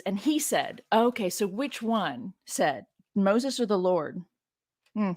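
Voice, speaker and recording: A woman teacher reads scripture aloud and breaks off into chatty, frank asides, often turning to her listeners with rhetorical questions. Her voice sits at a middling pitch and sounds dry and close, recorded at home. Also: animated, takes it slowly, a little mellow, no room sound. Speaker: biblical scholar and teacher. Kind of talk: casual scripture reading with commentary.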